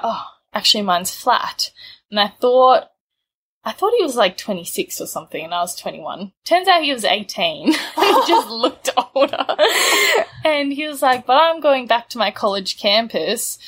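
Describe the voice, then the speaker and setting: A woman's voice: on the high side, animated, moderate pace, fairly bright tone, slightly rough. A young Australian woman in her twenties, casually telling a story, laid-back and laughing often. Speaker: guest telling a travel story.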